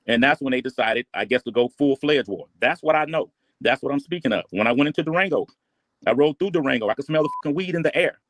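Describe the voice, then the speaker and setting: A man's voice: medium pitch, animated, fast talker, a bit bright, no room sound. A man telling his past in a blunt, profane, casual way. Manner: blunt, profane street talk. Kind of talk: casual storytelling.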